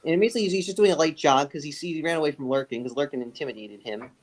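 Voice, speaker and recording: A man's voice: fairly high pitch, very fast. A man narrating as game master of a tabletop game, rambling and correcting himself as he goes.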